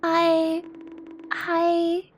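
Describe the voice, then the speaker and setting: A woman's voice: very high voice, monotone, very slow, soft background music. A young woman live-streaming in casual chat, nervous, giggly and apologetic, shaky and near tears. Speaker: livestreamer.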